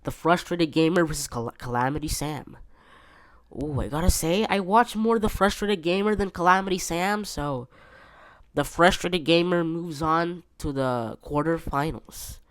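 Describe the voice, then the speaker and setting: A man's voice: a little high, measured pace, smooth, no room sound, studio quality. A man hosting a casual solo podcast from his bedroom, rambling with many fillers and restarts. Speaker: podcast host.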